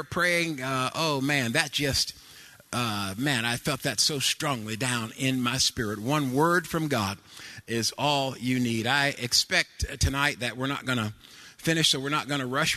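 An older man preaching a sermon, telling homely family stories with fillers, then rising into sung cadences and shouts. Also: mid-range voice. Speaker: pastor.

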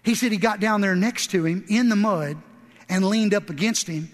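A man with a strikingly high voice preaches a sermon, telling a folksy story and then building to impassioned exhortation. His voice rings with the long reverb of a large church sanctuary. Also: normal speed. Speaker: pastor.

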